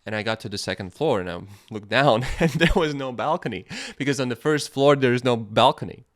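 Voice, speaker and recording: A podcast host tells a personal story in a casual monologue, his medium-pitched voice moving fairly quickly. He gets animated and laughs at some points, then turns quiet and reflective at others.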